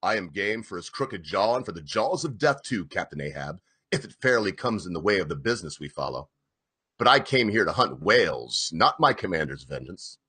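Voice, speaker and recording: A man voicing a cautious first mate who speaks in a measured, reproachful way. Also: low-pitched, big pitch swings, pushed and bright, husky, pitched below the performer's own voice, heavily acted.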